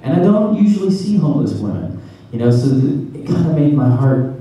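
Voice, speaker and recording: A man's voice: mid-range voice, very animated, brisk, dark tone. A man from the American South in his thirties, animatedly telling a funny story to a convention audience, laughing as he goes. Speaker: convention panel guest. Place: large convention hall. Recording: far, echoey hall with noise.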